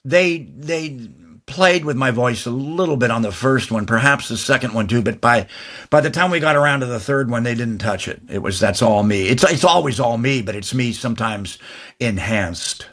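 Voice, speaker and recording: A man's voice: mid-range voice, a bit bright. Older guy spinning a long anecdote, talks a mile a minute, keeps restarting himself. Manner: fast, rambling talker who restarts mid-phrase. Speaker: guest actor. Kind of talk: anecdotal interview storytelling.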